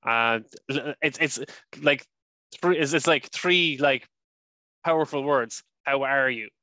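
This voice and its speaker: Guy hosting a podcast, bright voice, keeps repeating words, dry mic. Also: medium pitch, takes it slowly, dry recording. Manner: repeats words while thinking aloud. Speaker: podcast host. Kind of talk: casual interview chat.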